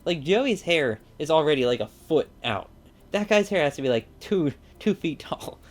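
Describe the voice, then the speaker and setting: A man's voice: fairly high pitch, animated, moderate pace. A man giving casual, rambling commentary while playing a card game, full of fillers and asides. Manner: rambling, chatty, many fillers. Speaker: let's play gamer.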